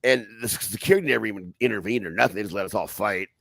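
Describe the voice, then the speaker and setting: A man on a podcast telling a wild fight story in a profane, animated way, acting out other people's voices loudly. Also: on the low side, very fast, creaky. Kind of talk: casual storytelling.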